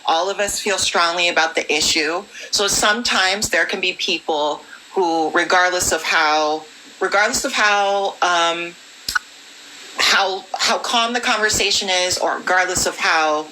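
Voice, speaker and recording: A woman guest in a live-stream debate, talking in a measured, conversational way and calling herself sensitive. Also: fairly low pitch, bright, forceful tone, slight background noise, low-quality recording. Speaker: livestream guest.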